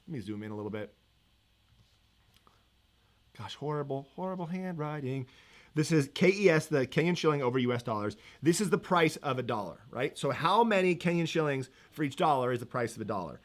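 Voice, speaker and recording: A man's voice: medium pitch, expressive, fast talker, few pauses. A man teaching economics in a live-stream review, chatty and upbeat, laughing easily as he reads viewer comments.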